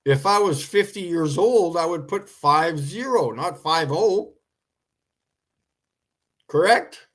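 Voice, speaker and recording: A man chats casually on his own livestream. He talks slowly and unhurriedly in a slightly high voice. He rambles from joke to joke and laughs at his own points. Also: expressive. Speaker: livestream host.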